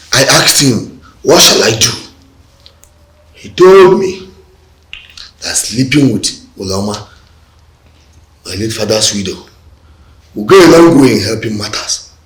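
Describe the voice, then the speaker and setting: An actor with a Nigerian accent playing a ruthless, ambitious prince who schemes in a cold, deliberate way. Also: male voice, fairly low pitch, a little hiss or hum. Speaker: prince plotting for the crown. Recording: roomy echo with faint music.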